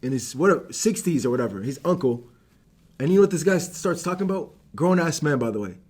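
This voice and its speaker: A man's voice: fairly high pitch, sing-song, quick pace, darkish tone. A young man from Algeria ranting on a live stream, heated and swearing, calling everyone "bro". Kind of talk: casual stream rant.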